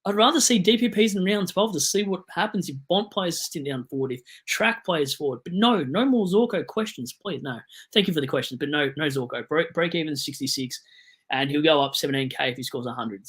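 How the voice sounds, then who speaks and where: Young Aussie bloke, live-stream host, hyped, rambling, sudden loud bursts. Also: male voice, a little high, a little fast. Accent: Australian. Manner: excitable, digressive, swings from loud bursts to mumbling asides. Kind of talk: casual live-stream chat.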